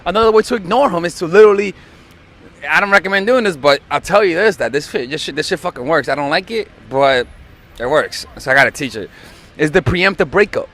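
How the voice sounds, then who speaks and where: A man's voice: on the high side, expressive, brisk, fairly bright tone. A young man coaching on dating, blunt and profane, acting out quoted lines. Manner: profane, emphatic, acts out quotes. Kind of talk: blunt dating advice monologue.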